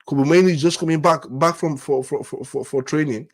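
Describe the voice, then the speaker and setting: A man's voice: a little high, fairly even intonation, fairly quick, husky. Exasperated man ranting, stammering repeats. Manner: repetitive, stammering restarts, exasperated rhetorical questions. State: angry and disappointed. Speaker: football fan channel host. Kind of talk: frustrated fan rant to camera.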